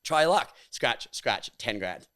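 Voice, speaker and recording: A man in his thirties with an Australian accent, co-hosting a podcast in a casual, animated chat full of swearing and squealed impressions. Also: mid-range voice, a little slow, smooth. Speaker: podcast co-host.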